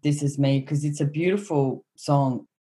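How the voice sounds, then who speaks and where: Upbeat woman co-host who addresses the audience, low and mellow. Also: steady tone, normal speed. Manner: enthusiastic, encouraging, talks to the audience. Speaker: co-host and facilitator. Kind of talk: casual chat.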